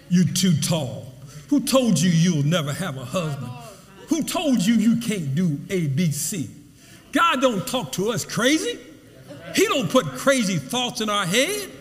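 Male preacher, sermon, high voice, animated swings in pitch, repetitive emphatic delivery, hall reverb.

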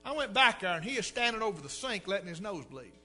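A man with a drawl preaches from the pulpit, spinning a homespun story with a high, bright voice that rises and dips in lively swings. Soft guitar plays faintly behind him. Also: quick pace. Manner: folksy, animated storytelling with repeated words. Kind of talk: sermon storytelling.

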